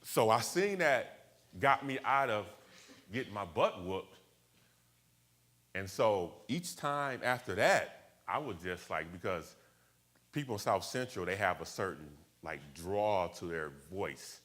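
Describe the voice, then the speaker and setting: A middle-aged man from Buffalo, New York, telling his life story in a lively way and acting out the voices of people in it. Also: on the low side, slow pace. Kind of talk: personal storytelling talk.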